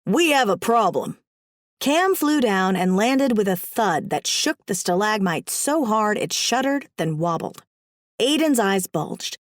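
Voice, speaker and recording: A woman narrating a first-person audiobook in a wry, comic, expressive way. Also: medium pitch, measured pace, no room sound, clean studio sound.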